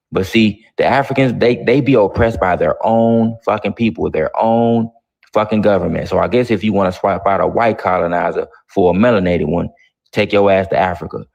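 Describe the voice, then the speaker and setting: A man's voice: lowish voice, gravelly. A man hosting a live online talk show, brash and profane, mocking his callers. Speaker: host.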